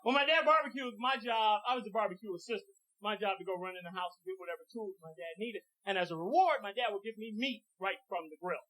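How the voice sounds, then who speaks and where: High-voiced male stand-up comic. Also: fast talker, few pauses. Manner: animated, jumps into character voices. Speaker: stand-up comedian. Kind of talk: stand-up routine. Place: comedy stage. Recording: dull old tape, loud laughing audience.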